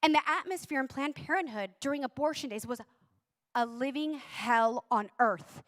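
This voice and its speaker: A woman with a high, light voice tells a personal testimony with strong emotion. She speaks intensely and drags out key words for dramatic weight. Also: moderate pace, a bit bright.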